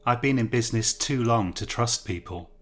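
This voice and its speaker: A man's voice: medium pitch, normal speed, natural voice. A man voicing a confident male businessman giving self-assured opinions.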